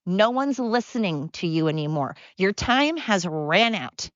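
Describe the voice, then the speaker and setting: A woman's voice: mid-range voice, very animated, unhurried, no echo. A woman hosting her own show, delivering an angry, sarcastic solo rant with lots of emphatic repetition. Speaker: podcast host. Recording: dull lo-fi sound.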